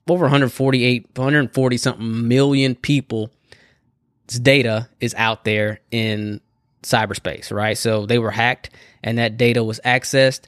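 A man's voice: mid-range voice, dry recording, clean studio sound. A man hosting a podcast in casual solo talk, conversational, often tagging his sentences with "right?" and laughing now and then. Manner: conversational, keeps adding "right?" as a tag. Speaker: podcast host.

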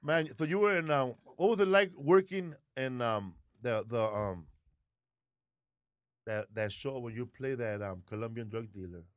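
A man's voice: mid-range voice, lively intonation, measured pace, no room sound, studio quality. A man hosting a podcast, laid-back and jokey, with hesitant fillers when asking questions. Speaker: podcast host. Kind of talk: casual interview chat.

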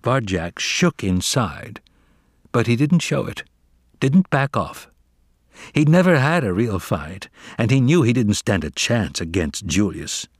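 Reading a children's novel aloud, this male audiobook narrator uses a mid-range voice and a measured, expressive storytelling style. It's scripted narration, recorded dry with studio quality.

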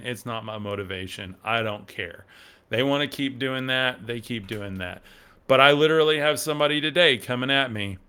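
Bright, smooth-voiced man rambling casually. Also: mid-range voice. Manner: rambling, conversational, reads and answers viewer comments. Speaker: podcast host. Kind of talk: casual livestream commentary on a religious text.

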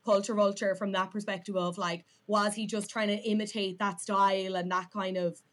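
A woman's voice: medium pitch, little pitch movement, normal speed. A young woman with an Irish accent, chatting as a podcast guest, her talk full of "like" fillers. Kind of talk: casual chat.

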